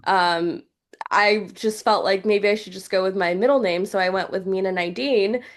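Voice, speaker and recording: A woman's voice: medium pitch, normal speed. A young woman journalist talking in a casual, heartfelt podcast chat, full of "like" fillers. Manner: chatty, heartfelt, many fillers like "like". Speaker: journalist and news reporter guest.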